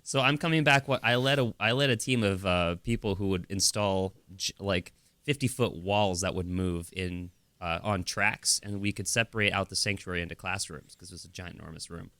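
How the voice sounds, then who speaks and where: A man's voice: low-pitched, normal speed, no room sound. A man from America co-hosting a podcast, telling stories in casual chat and laughing often. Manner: animated storytelling, laughs often. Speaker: podcast co-host.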